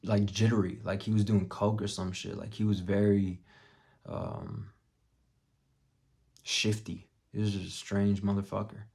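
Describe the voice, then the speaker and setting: A young man vlogging, telling a story bluntly with plenty of swearing and dropping to a hush for his own thoughts. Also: lowish voice, animated, measured pace, gravelly. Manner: profane, blunt, drops to a muttered hush for quoted thoughts. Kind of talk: casual storytelling vlog.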